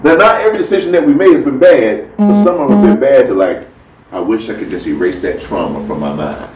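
Loud music plays behind this man's medium-pitched, fast voice as he gives an informal devotional talk, telling a story and animatedly playing its characters. The recording is roomy and distant, with faint background noise.

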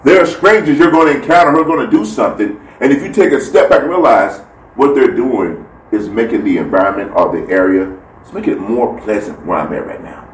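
A man's voice: mid-range voice, fairly quick. A man giving a casual faith talk, telling a story and acting out the people in it. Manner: animated storytelling, acts out quoted voices. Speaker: speaker sharing a devotional story. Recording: roomy, distant mic with faint background noise.

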